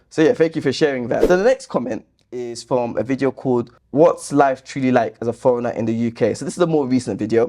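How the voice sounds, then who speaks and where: On his channel, a YouTube host with a warm, mid-range voice goes over comments viewers left, speaking into a laptop camera mic. He's chatty and reasoned, though he grows indignant when rebutting them.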